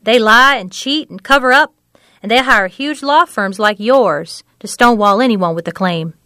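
An actress voicing an earnest, measured woman who tells of a family's troubles. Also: fairly high pitch, bright, forceful tone, no echo, clean studio sound. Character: woman, an older local who runs a clinic.

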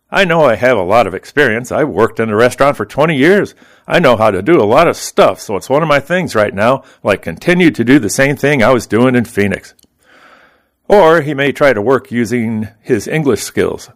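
Man reading the newspaper aloud on radio. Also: mid-range voice. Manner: steady, plain read-aloud delivery. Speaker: radio reading service volunteer reader. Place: Arizona.

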